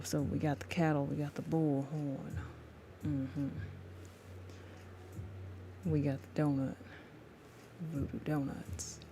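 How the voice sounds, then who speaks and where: Young woman artist on a live stream, low voice, slow easy talk, chatty with viewers, faint hiss behind. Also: gravelly, darkish tone. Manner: chatty, laughs often, speaks to viewers as y'all. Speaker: livestreaming artist. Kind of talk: casual chat while drawing live.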